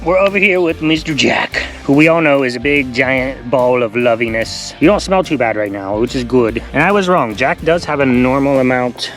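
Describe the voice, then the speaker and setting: A man hosting a casual farm vlog, chatty and affectionate with his goats. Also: medium pitch. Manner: chatty, affectionate with the animals, laughs easily. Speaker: goat farmer and channel host.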